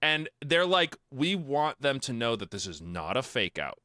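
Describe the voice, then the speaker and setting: A man's voice: mid-range voice, normal speed, dry recording. A man co-hosting a podcast, casually recapping a film with joking, mocking quotes. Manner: animated, mocking quotes with crude jokes. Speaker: podcast co-host. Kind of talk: casual comedic recap chat.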